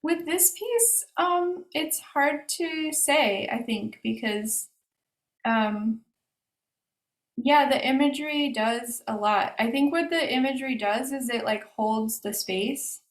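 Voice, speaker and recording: A woman's voice: high-pitched, animated, slow. Woman, artist, hesitant casual talk, lots of fillers, roomy echoey sound, video call. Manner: hesitant, many fillers and restarts. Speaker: artist discussing her exhibition. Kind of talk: casual conversational answers.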